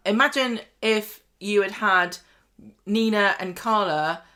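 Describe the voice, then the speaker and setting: A woman with a bright, forceful voice co-hosts a soap recap. She sounds animated and opinionated and keeps acting out what the characters could have said. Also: medium pitch, takes it slowly. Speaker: soap opera recap co-host. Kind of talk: casual chat.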